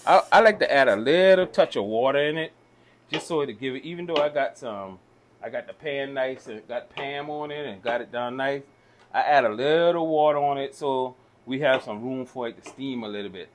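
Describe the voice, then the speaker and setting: A man's voice: mid-range voice, moderate pace, a little hiss or hum. Laid-back middle-aged man teaching cooking. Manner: laid-back, folksy teaching with old sayings. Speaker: home cook, father. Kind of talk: casual cooking instruction.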